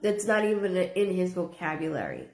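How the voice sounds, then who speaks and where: A woman's voice: fairly low pitch, wildly swooping pitch, normal speed, echoey room. A woman psychic medium giving a live reading in an earnest manner, often repeating her phrases and relaying a spirit's words in first person.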